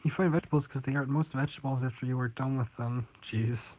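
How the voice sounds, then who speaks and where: A man's voice: mid-range voice, steady tone, fast talker, darkish tone, slight background noise, low-quality recording. A teenage boy streaming live, chatting casually with viewers and rambling with frequent giggles. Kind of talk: casual live-stream chat reading comments.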